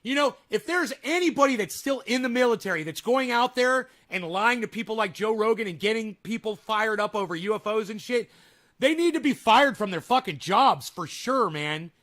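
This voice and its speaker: A man with a high, bright, sharp voice rants on a live stream. He swears constantly, mocks the clips he reacts to, and talks straight at his chat. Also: lively intonation, normal speed. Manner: angry, mocking, swears heavily, talks to chat. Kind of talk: profane live-stream rant.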